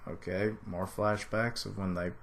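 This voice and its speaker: A man's voice: on the low side, steady tone, a little slow, vocal fry, fairly bright tone, a little hiss or hum. A man doing a live reaction, reading aloud and making casual, chatty asides. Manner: casual, chatty asides between read lines. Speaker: streamer reacting to a comic.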